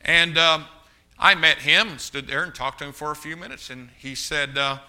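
Forceful, bright-voiced middle-aged preacher. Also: male voice, on the high side, normal speed, clear, resonant tone. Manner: animated anecdotes with frequent restarts and asides to the congregation. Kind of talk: storytelling sermon.

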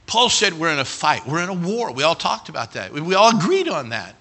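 A middle-aged male pastor preaching a sermon, telling stories and swinging from quiet asides to loud near-shouts. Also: a little high, huge pitch swings, a little fast.

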